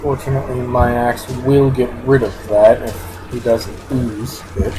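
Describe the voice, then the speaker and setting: A man's voice: medium pitch, steady tone, unhurried, background noise. A man giving casual, unscripted commentary while playing a card game, thinking aloud and sometimes talking with his mouth full. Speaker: gameplay commentator.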